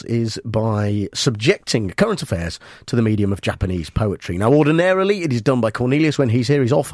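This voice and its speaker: A man hosting a comic radio talk show, speaking in a dry, halting way with many fillers. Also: mid-range voice, no echo.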